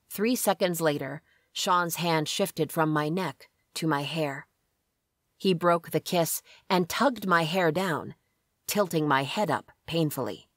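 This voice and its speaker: A woman with a low voice narrates an audiobook slowly in first person. The studio sound is clean, with no echo.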